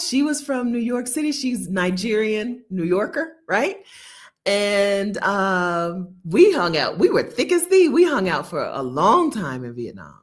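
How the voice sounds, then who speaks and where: An American woman talks casually to her viewers about her travels. She is chatty and laughs often, and her pitch leaps and dips in a lively way as she tells her stories. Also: unhurried. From United States. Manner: chatty, laughing, animated storytelling. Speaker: travel vlogger. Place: Bogota.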